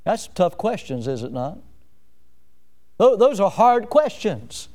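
A pastor preaching a sermon to his congregation in church. He repeats key phrases and swings from loud, forceful peaks down to low, quiet lines. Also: big pitch swings, takes it slowly.

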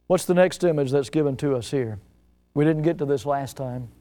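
A middle-aged preacher delivering a sermon with emphatic, storytelling energy and pointed rhetorical questions. His voice is high for a man and notably smooth and clear. He repeats words and swings between loud stress and hushed asides. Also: fairly quick. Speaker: pastor.

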